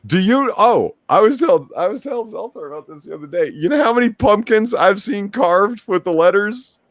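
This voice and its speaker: A man's voice: high voice, expressive, moderate pace, no room sound. A man co-hosting a casual talk show, telling a story with heavy sarcasm. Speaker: podcast co-host. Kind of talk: casual political chat.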